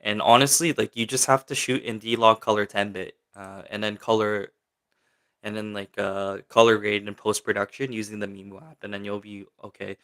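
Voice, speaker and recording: A young man hosts a relaxed livestream, reading viewer questions aloud and answering them in a loose, rambling way full of filler words. His voice sits on the lower side, with a bright, forceful edge. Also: normal speed. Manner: chatty and rambling, many fillers, reads chat questions aloud. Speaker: livestream host. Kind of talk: casual livestream chat, answering viewer comments.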